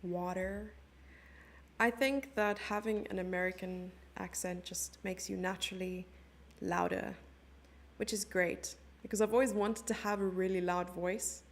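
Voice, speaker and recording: Chatty South African woman, gravelly voice. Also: medium pitch, steady tone, normal speed. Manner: chatty, giggly, reads chat messages aloud. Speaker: chess commentator and streamer. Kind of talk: live chess commentary, chatting with stream chat.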